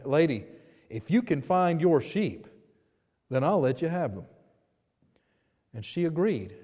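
A man's voice: mid-range voice, warm tone. A male pastor delivering a sermon, earnest and building to emphatic, repeated questions to his congregation. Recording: long hall reverb.

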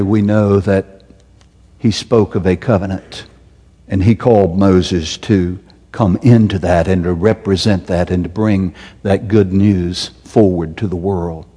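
A man preaching a sermon as a pastor, impassioned, climbing to loud, emphatic peaks and then dropping to a soft, intimate tone. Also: on the low side, in a large hall.

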